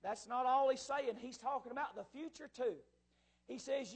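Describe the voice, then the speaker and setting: High, gravelly-voiced fervent male preacher. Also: normal speed. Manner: fervent preaching that swells into shouts, with chuckles. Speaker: pastor. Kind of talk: sermon.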